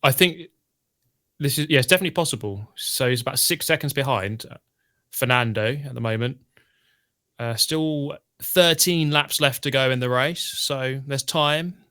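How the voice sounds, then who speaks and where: A man's voice: mid-range voice, moderate pace, pushed and bright. A man co-hosting a live stream, chatting casually over a race and reading viewer tweets. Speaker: stream co-host. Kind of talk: casual live race watch-along chat.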